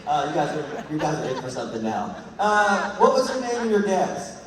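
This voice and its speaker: A man holds a big convention hall with rambling comedic stories, laughing as he goes. His voice sits slightly high and sounds far off, wrapped in long, roomy reverb. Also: big pitch swings, normal speed, a crowd in the background. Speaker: actor answering fan questions at a panel. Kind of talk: comedic storytelling on stage. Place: large convention hall with audience.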